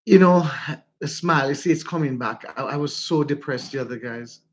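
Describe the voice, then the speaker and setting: A man with a Jamaican accent, hosting a casual livestream and warmly greeting his viewers by name. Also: fairly high pitch, a little fast. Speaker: livestream host.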